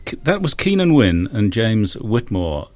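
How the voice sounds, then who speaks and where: Lively, reminiscing male radio guest. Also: fairly low pitch, measured pace, dry recording. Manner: reminiscing, animated. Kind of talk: casual radio chat.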